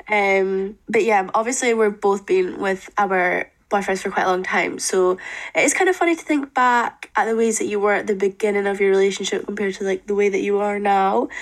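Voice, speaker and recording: A woman, co-hosting a podcast in candid casual chat. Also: mid-range voice. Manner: candid, expressive, swears casually. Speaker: podcast co-host.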